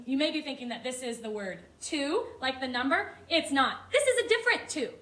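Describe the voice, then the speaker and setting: High, lively kindergarten teacher woman. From Hawaii. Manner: slow, sing-song, exaggerated teacher voice. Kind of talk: phonics lesson for young children.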